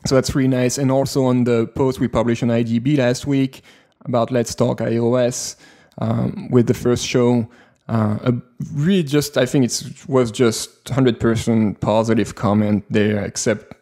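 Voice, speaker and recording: Mellow-voiced man with a French accent. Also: mid-range voice, moderate pace. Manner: relaxed, rambling with many fillers. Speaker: podcast co-host. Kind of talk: casual podcast chat.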